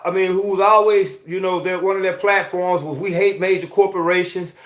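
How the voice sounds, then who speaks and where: Guy ranting and rambling on his show, high pitched, echoey room. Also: a bit bright. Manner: rambling, heated, says y'all and you see what I'm saying. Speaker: host. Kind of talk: conspiratorial commentary monologue.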